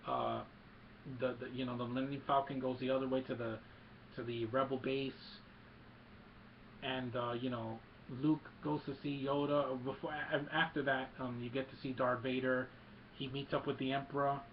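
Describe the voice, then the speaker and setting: Excited rambling man, dull lo-fi sound. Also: medium pitch, moderate pace, a little hiss or hum. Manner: excited, rambling with many fillers. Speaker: movie reviewer. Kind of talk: casual movie recap.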